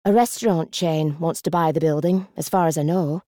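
A polite, weary woman volunteer in her thirties, voiced by a woman narrator, gentle and restrained. She has a low, mellow voice in a dry, close sound. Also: fairly quick, dry recording, lightly acted. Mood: subdued. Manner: polite, quietly subdued.

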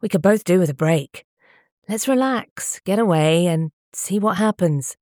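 Woman doing a worn out husband, flat tired voice, lowish and dry. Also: a little slow, no room sound. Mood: tired pleading. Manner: tired, dull, sighing. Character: weary, gentle husband worn down by IVF. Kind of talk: audiobook character voice.

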